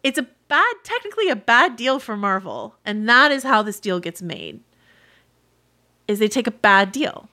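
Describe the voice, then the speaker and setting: A woman's voice: medium pitch, sing-song, normal speed, bright, forceful tone. A woman guest talking casually and chattily, with frequent fillers. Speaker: guest commentator. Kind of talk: casual chat.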